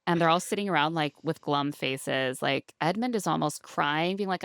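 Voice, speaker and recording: Sarcastic woman with a gravelly low voice. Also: normal speed, hardly any pauses, fairly bright tone, no echo, studio quality. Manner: sarcastic, mocking quotes of cast, laughs often. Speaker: podcast co-host. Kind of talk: casual recap chat.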